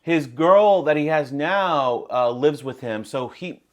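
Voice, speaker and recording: A man from Texas with a neutral American accent, talking in a casual podcast interview as the guest, animated and talkative with frequent restarts. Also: on the high side, takes it slowly.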